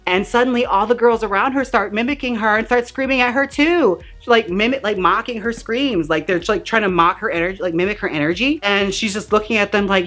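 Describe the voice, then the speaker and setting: A woman's voice: mid-range voice, brisk, few pauses, a bit bright. A woman giving a campy, comedic movie recap in a sassy, slang-filled way, acting out the characters' lines as she goes. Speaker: movie reviewer.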